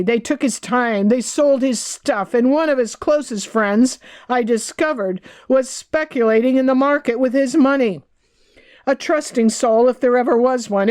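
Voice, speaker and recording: A woman's voice: a little high, darkish tone, close to an everyday voice. A woman reading the part of a candid woman who recalls her troubles with rueful frankness, keeping close to her own voice. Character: candid woman recalling hard times, wry.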